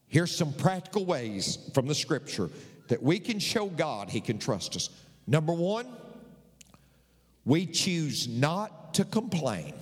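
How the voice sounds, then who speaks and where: A man's voice: a little high, husky, long reverb tail. A man preaching a sermon in a folksy, conversational way, repeating his key lines for emphasis.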